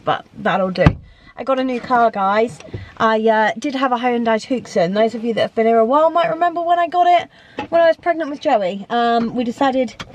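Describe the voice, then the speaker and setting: A woman's voice: fairly high pitch, slight background noise. A British woman in her thirties chatting casually to camera in a rambling, self-deprecating vlog. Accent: British English. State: pregnant. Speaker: vlogger.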